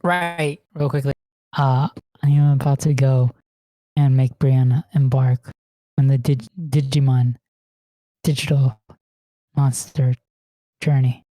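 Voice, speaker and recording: A man in casual podcast chat who rambles through stories, swears freely and laughs often. His pitch sits right in the middle, and the sound is close and dry with no room echo. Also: steady tone, slow, long pauses, warm tone. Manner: rambling, profane storytelling with frequent laughs. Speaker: podcast co-host.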